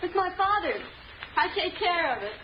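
An actress playing a sweet young small-town woman who asks gentle, curious questions, in 1940s radio acting. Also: very high-pitched, very animated, normal speed. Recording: dull hissy old radio broadcast.

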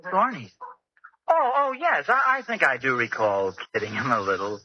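An actor playing a flustered, good-natured young husband in a 1940s radio sitcom, fumbling and hesitant. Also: male voice, mid-range voice, lively intonation, moderate pace, lightly acted. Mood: sheepish. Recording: lo-fi old radio recording with faint hiss.

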